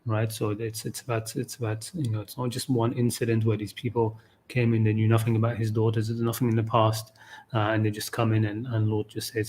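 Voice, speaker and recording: Low-voiced man teaching off the cuff. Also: darkish tone, slight background noise. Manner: thinking aloud, restarts, frequent "okay" and "you know". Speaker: Qur'an teacher. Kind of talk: unscripted livestream lecture.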